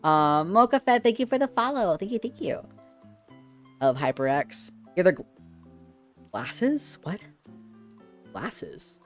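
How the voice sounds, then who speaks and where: A man's voice: high voice, big pitch swings, slow, pauses often, a bit bright, faint music behind. A man streaming from home on a headset mic, chatting playfully with his chat in a sassy way and sometimes screaming. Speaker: livestreamer reading chat.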